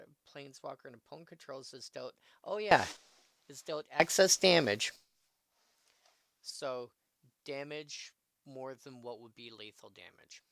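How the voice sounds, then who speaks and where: A man's voice: medium pitch, vocal fry, fairly bright tone, dry recording. A man casually commenting on a live stream, reading card text aloud and adding musing asides. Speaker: streamer opening card packs.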